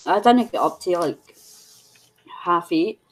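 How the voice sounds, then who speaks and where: This middle-aged Scottish craft host chats on her livestream in a loose, rambling manner, stopping to coo at her pet. She has a lowish voice with lively intonation and takes her time, though the audio quality is poor.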